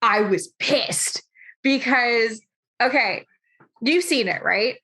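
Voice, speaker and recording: A young woman hosting a casual interview over a video call, rambling and animated, restarting her sentences as she tells a story. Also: fairly high pitch, slow. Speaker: host.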